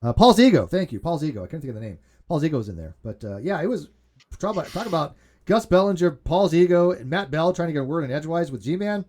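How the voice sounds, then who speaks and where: Guy hosting a group video chat, talks fast, kinda high voice, swears a lot, keeps restarting sentences. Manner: rambling, profane, animated storyteller. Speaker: host.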